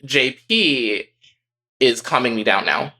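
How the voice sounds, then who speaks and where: A young man co-hosting a podcast, telling a personal story in a candid, profane, animated way. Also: medium pitch, takes it slowly. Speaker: podcast co-host.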